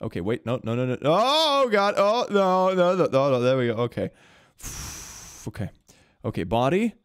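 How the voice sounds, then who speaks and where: A man's voice: big pitch swings, normal speed, clean tone, dry recording, clean studio sound. Laughing man streaming a game. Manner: laughs often, breaks into high-pitched squeals and crying laughter. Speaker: gaming streamer. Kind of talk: casual let's-play commentary.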